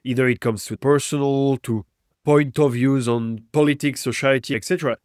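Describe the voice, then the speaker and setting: A man's voice: medium pitch, fairly even intonation, moderate pace, a little mellow, dry recording, studio quality. Reflective male podcast host. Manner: reflective, asks thoughtful questions. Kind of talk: interview podcast.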